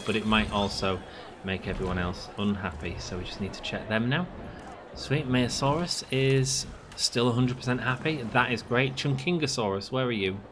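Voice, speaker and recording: A man's voice: mid-range voice, fairly bright tone, a little hiss or hum. A young man giving casual gameplay commentary, chatting to the animals on screen and to his viewers. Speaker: gaming channel host.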